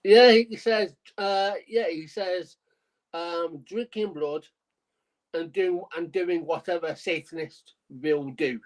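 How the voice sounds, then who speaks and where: A man co-hosting a podcast, reading out a news story in a halting, amused way and restarting his sentences. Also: fairly high pitch, low-quality recording. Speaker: podcast co-host.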